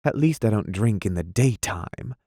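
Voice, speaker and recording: A man reading aloud, voicing a composed, scornful young wife in a quiet, measured way. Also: on the low side, animated, breathy edge, dry recording, clean studio sound. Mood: cool.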